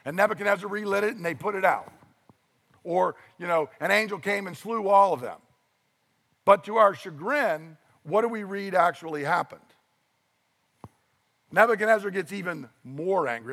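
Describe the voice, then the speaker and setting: A middle-aged pastor delivers a lively sermon. His voice sits fairly high for a man, and he tells the story with animated, acted-out voices. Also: normal speed, long pauses, in a large hall.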